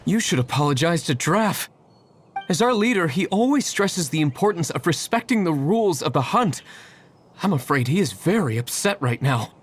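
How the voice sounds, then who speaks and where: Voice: medium pitch, big pitch swings, moderate pace, a little hiss or hum, lightly acted. An actor voicing a stern young hunter in a video game, scolding and firm about the rules of the hunt. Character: stern young hunter guarding the boars' habitat. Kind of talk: game cutscene voice acting.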